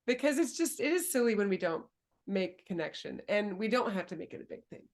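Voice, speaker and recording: A woman hosting a casual interview as a coach, speaking thoughtfully and searching for her words with soft laughs. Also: mid-range voice, sing-song, a little fast. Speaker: dating and embodiment coach, host.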